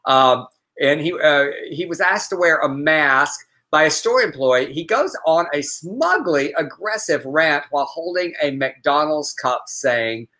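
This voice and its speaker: Man, casual news commentary co-host, chatty, exasperated, slightly high voice. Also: animated, a little slow, sharp tone. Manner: chatty, exasperated, profane asides. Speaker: podcast co-host.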